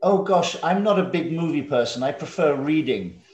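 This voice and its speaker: A man's voice: a little high, lively intonation, normal speed, a little mellow. A man in his fifties with a London English accent, teaching a school English lesson over a video call in a friendly, joking way. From England. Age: 50s. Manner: friendly, joking, draws students out with questions. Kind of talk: online class lesson. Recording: echoey room on a video call.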